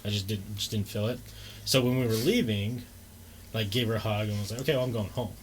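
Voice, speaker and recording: A man's voice: on the low side, steady tone, brisk, a little hiss or hum, poor audio. Rambling laid-back podcast guy. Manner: rambling storyteller, lots of "like" and laughter. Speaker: podcast co-host. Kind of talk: casual chat.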